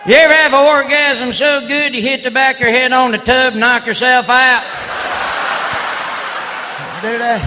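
A man doing loud redneck stand-up comedy, laughing at his own jokes. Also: extremely high pitch, normal speed. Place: live comedy stage before an audience. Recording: live show with crowd noise.

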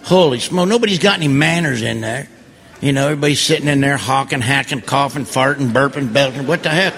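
A man's voice: mid-range voice, quick pace, vocal fry, fairly bright tone. A man doing stand-up comedy, with folksy, grumbling, self-mocking delivery. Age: 50s.

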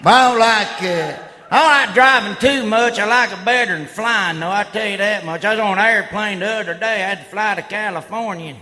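A man doing loud redneck stand-up comedy, laughing at his own jokes. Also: sits high, a little fast. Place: live comedy stage before an audience. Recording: live show with crowd noise.

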